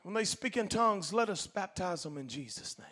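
A man preaching a Pentecostal sermon as pastor, talking in a folksy, colloquial way and swinging from quiet asides to loud shouted preaching. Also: high-pitched, animated, a little fast. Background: faint congregation.

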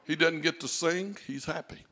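A man preaching a fervent sermon, rising to shouts and dropping to a hush. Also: on the high side, moderate pace, background noise. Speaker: pastor.

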